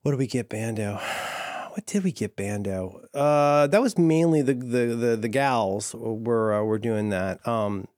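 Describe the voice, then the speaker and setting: A man's voice: mid-range voice, unhurried, a little mellow, no room sound, studio quality. A man hosting a casual podcast chat, playful and rambling, laughing often. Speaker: podcast host.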